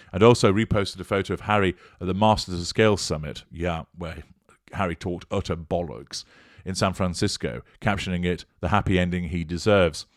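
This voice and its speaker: A man's voice: sits low, darkish tone, dry recording, clean studio sound. A man giving scripted, sarcastic commentary on news articles in a scornful tone.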